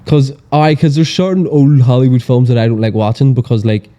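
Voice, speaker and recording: Very dark-voiced man telling sweary stories. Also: mid-range voice, steady tone, a little fast, dull audio. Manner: sweary, rambling storyteller full of fillers. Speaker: podcast guest. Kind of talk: casual chat.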